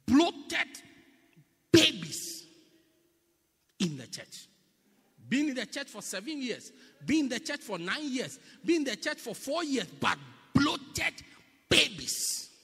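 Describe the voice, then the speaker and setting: A man's voice: very high-pitched, big pitch swings, normal speed, fairly bright tone, husky. A man preaching a sermon in a church, emphatic and repetitive, slipping into mocking impressions. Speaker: pastor. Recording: long reverb in a large hall.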